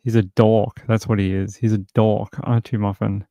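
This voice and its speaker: A man's voice: fairly low pitch, flat delivery, normal speed, warm tone, dry recording. Rambling man hosting a crime stream. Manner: rambling, loose talk full of fillers. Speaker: true crime livestream host. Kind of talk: casual livestream chat.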